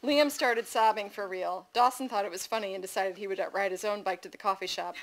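A middle-aged woman reading her own memoir stories to an audience at a festival, with lively, amused asides and a raised pitch for the children's lines. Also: a little fast, rough recording. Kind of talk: live reading of personal essays.

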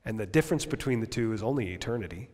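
A male pastor preaching a sermon at a church service, impassioned, swinging from loud emphasis down to near-whispers. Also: lowish voice, animated, racing, big-room sound.

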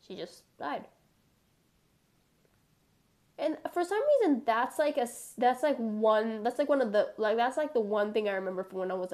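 A young woman streams a game with rambling, filler-heavy chat, playful and prone to mock-dramatic outbursts. Her mid-range voice has a darkish tone, and the talk is casual gameplay banter.

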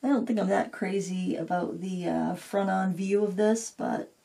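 A woman's voice: mid-range voice, fairly even intonation, moderate pace, creaky, dark tone. A woman hosting a painting tutorial, casually thinking aloud as she works and candidly admitting she isn't fond of the piece. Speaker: craft video host.

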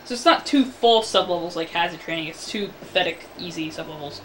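A man's voice: a little high, fairly quick, pushed and bright, a little hiss or hum. A man giving casual let's-play commentary, rambling and ranting about the game as he plays. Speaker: gameplay commentator.

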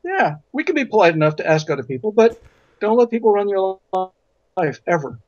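Male interview guest, high voice, emphatic and anecdotal, muffled lo-fi sound. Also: animated, fairly quick, a little mellow, dry recording. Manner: emphatic storyteller who repeats words for stress. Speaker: physician and guest. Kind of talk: interview conversation. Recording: dull lo-fi audio.

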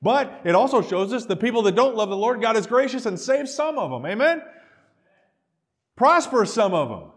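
A middle-aged male pastor preaching a sermon, animated, acting out quoted voices and dropping to quiet asides. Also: sits high, moderate pace.

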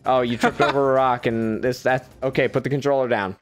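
A man's voice: mid-range voice, steady tone, brisk, faint music behind. A man commentating a video game playthrough in casual banter, swearing freely, giving orders and laughing a lot. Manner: profane, bossy, laughs a lot. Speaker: gameplay commentator. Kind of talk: casual let's-play banter.

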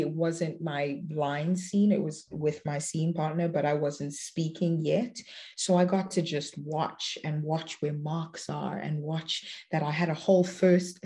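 A woman's voice: low-pitched, warm tone. A woman with a South African accent, a guest in a casual interview, telling stories in an earnest, reflective way. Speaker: actress guest.

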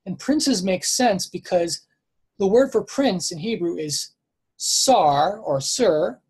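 A man giving a casual, unscripted scripture lesson, thinking aloud, stopping to correct himself and filling pauses with "um" and "like". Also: high-pitched, lively intonation, darkish tone, breathy edge, low-quality recording. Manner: hesitant, self-correcting, thinks aloud with many fillers. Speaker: Bible study teacher.

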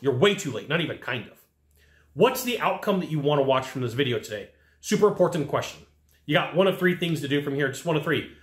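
An energetic man hosting a casual sales lesson, talking straight to viewers and acting out short dialogues. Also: fairly high pitch, roomy sound. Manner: energetic and amped up; conversational, acting out quick dialogues. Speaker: sales trainer and channel host.

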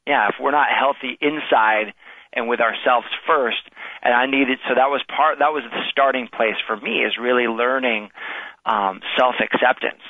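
Casting note: male guest calling in, earnest and self-deprecating, rambling, mid-pitched, tinny phone line. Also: moderate pace, dry recording. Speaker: guest author. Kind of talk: casual interview chat. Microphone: telephone.

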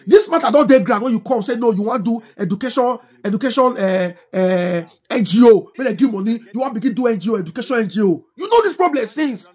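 Husky Nigerian-accented woman ranting fervently. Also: on the high side, quick pace, hardly any pauses. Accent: Nigerian Pidgin English. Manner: animated, scolding, rhetorical questions. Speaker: social media commentator. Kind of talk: impassioned political commentary.

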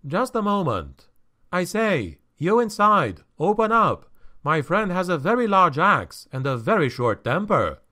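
A man's voice: high voice, big pitch swings, measured pace, sharp tone, pitched above the performer's own voice, exaggerated voice. A man doing a wary, ironic young poet. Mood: wry. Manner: polite, dryly ironic. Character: wary young male human poet, dry wit.

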